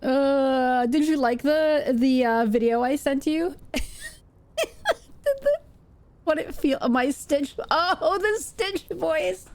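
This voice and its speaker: A woman's voice: high-pitched, takes it slowly, long pauses, dark tone, no echo. A woman live-streaming a game, chatting casually and playfully and laughing often.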